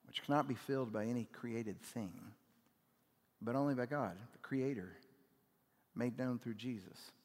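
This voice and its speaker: Pastor with swings from loud to hushed. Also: male voice. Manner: builds to loud emphatic peaks, then drops low and quiet; conversational, with "like" fillers and audience questions. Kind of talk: sermon. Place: church auditorium. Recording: long hall reverb.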